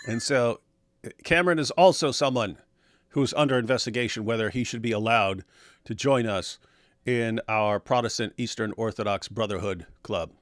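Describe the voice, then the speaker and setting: A man's voice: medium pitch, fairly bright tone, no room sound, studio quality. A man co-hosting a reaction stream, making teasing, sarcastic remarks in casual commentary.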